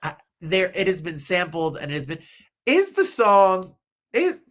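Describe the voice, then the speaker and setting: Bright, animated male interview host. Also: high-pitched, measured pace. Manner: playful, animated, teasing. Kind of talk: casual interview chat.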